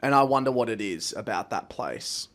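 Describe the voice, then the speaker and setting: A man's voice: on the low side, animated, moderate pace, a bit bright. A man co-hosting a podcast, blunt and a bit riled up as he rants in casual chat. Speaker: podcast co-host.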